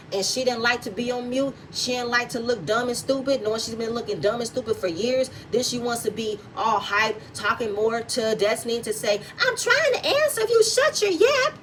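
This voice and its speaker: A woman's voice: fairly high pitch, fairly even intonation, moderate pace, far from the mic, a little hiss or hum, rough recording. A woman hosting a reality TV recap vlog, giving blunt, heated and profanity-laced commentary.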